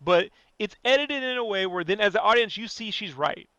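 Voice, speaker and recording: A man ranting casually and profanely on a podcast, animated and fired up. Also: sits high, brisk, clear, resonant tone, no echo. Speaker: podcast guest.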